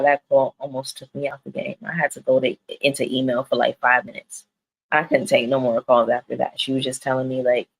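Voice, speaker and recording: A woman's voice: extremely low pitch, vocal fry, husky, poor audio. Chatty, profane woman on a live stream. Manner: candid, slangy and profane, talks straight to viewers. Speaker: live-stream reality TV reviewer. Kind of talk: casual live-stream chat.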